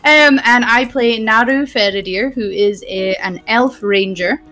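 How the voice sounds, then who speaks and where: Slow-talking high playful woman. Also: bright, forceful tone, faint music behind. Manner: playful, giggly. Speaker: player. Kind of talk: casual character introduction.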